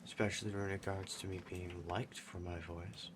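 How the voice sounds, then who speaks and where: A man's voice: sits low, level tone, moderate pace. A man chatting casually over his gameplay as a gaming YouTuber, rambling and self-deprecating. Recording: clear keyboard typing noise behind. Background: computer keyboard typing.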